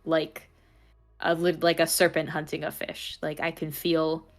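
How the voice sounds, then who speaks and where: A woman's voice: sits low, completely flat delivery, measured pace. A woman in casual chat, animatedly retelling a roleplay scene and swearing freely. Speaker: roleplayer interviewee.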